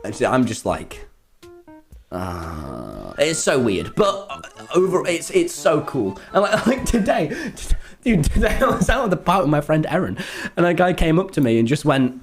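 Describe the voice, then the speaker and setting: A man's voice: a little high, big pitch swings, moderate pace, soft background music. A young man from England telling a casual storytime vlog, rambling and swearing, laughing between many restarts. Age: young adult. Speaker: vlogger.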